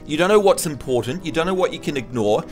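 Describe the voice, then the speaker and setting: Give me a chatty man from New Zealand hosting a game stream, lively pitch, soft music underneath. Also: fast talker. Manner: chatty, upbeat, teasing friends. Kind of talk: casual live-stream chat.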